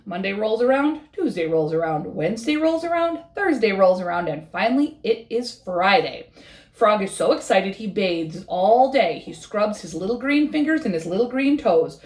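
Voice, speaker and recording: A woman reading a bedtime story aloud with a rhythmic, expressive delivery. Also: a little high, echoey room.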